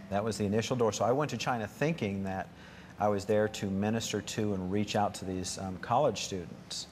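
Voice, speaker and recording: Low-voiced man telling a story. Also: brisk, a little mellow, slight background noise. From United States. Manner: storytelling, acts out quoted dialogue. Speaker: guest. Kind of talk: testimony on a talk show.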